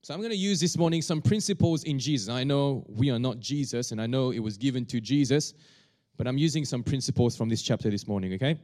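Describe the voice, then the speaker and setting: A male pastor preaching a sermon, talking in a halting way with many restarts and fillers. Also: mid-range voice, a little mellow.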